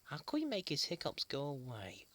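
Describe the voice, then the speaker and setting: Leo, a woman doing a calm toy leader. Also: low voice, no echo, pitched below the performer's own voice, heavily acted. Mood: concerned. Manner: gentle, thoughtful, slow and reassuring. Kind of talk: children's toy puppet show.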